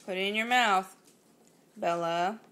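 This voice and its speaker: A woman's voice: medium pitch, unhurried, a crowd in the background. A woman talking to a toddler at mealtime, coaxing her to eat with short, repeated instructions. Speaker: parent feeding a toddler. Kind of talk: casual talk to a small child.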